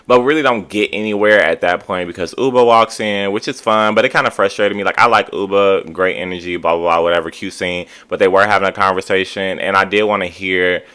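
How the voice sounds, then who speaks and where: A man's voice: sits low, bright, forceful tone, clear, resonant tone. A man recapping a reality TV episode in casual commentary, chatty and sassy, full of "like" and "you know.".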